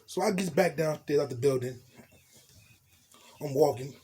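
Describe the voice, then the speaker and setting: Very raspy man telling a street story. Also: a little high, normal speed. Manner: profane street slang, animated storytelling. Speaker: storytelling vlogger. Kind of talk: casual storytime monologue.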